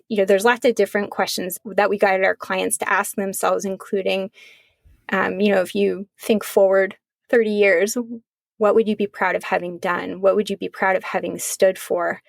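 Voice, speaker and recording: This middle-aged woman talks in an earnest, measured way and strings her thoughts together at length. Her voice has a gravelly edge and sits at a middle pitch. The sound is dry and close. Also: no room sound. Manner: earnest, measured, speaks in long flowing thoughts. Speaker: podcast co-host and psychologist, author guest. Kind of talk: reflective conversational podcast talk.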